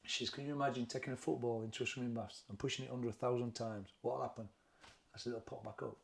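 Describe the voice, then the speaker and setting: A middle-aged man with a Sheffield accent, talking candidly and haltingly in an interview, often repeating words as he recalls events. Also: medium pitch, fairly even intonation, gravelly. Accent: Sheffield, Yorkshire. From England. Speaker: boxing trainer, interview guest.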